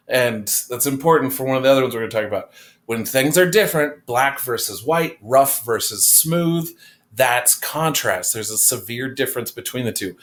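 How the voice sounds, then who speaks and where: A man teaching an art class, explaining design principles in a casual, conversational way with fillers, recorded in a classroom. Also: medium pitch. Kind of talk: classroom lecture.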